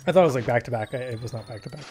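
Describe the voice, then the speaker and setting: A man's voice: medium pitch, very fast, darkish tone, a little hiss or hum. A man hosting a let's play, giving casual, jokey gameplay commentary with mock-British asides.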